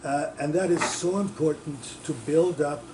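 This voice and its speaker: A man's voice: a little high, steady tone, normal speed, background noise. A man in a workshop audience, earnestly making a point about clinical timing, with hesitant restarts. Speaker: workshop participant. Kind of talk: question from the floor.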